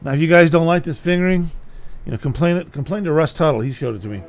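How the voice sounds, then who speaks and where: A man's voice: fairly high pitch, expressive, quick pace. A man giving a casual guitar lesson, talking bluntly and repeating himself to drive a point home. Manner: blunt, repetitive, plain-spoken. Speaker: guitar teacher.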